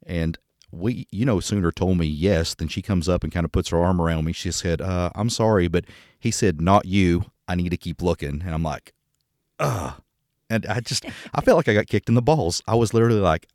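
A Texan man with a very low voice talks fast, sharing candid stories on a podcast. He tells them with crude, joking humor. The recording is dry and close. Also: a little mellow, no room sound. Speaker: podcast co-host. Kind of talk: casual conversation.

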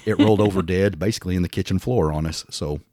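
A Southern man in his fifties with a very low voice who rattles along quickly. He co-hosts a podcast in a loose chat, blunt, swearing and poking fun at himself. The recording is close and dry. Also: dark tone, dry recording. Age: 50s. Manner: blunt, swears freely, self-mocking. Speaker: podcast co-host. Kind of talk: casual chat.

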